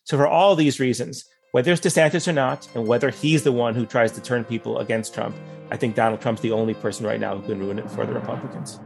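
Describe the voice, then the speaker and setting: A man giving conversational political analysis as a guest, thoughtful and measured, hedging his points with asides. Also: medium pitch, creaky, over music.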